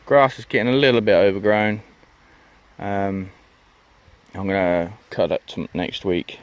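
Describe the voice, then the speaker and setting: Strolling through his allotment outdoors, this vlogger chats and rambles with plenty of ums, asides and "you know what I mean" in a casual walk-and-talk vlog. He speaks unhurriedly in a low-pitched, clean voice with fairly even intonation, though the audio itself sounds dull.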